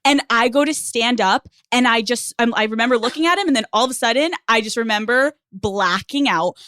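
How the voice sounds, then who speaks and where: A young woman telling a story as a podcast guest in a casual chat, animated and laughing often. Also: on the high side, brisk, no echo, studio quality.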